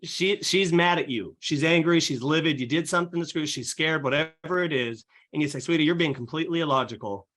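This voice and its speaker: A man's voice: fairly high pitch, a little fast, hardly any pauses, a bit bright. A young man, a real estate agent guest on a podcast, explaining eagerly in casual talk with lots of fillers and acted-out client quotes. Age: young adult.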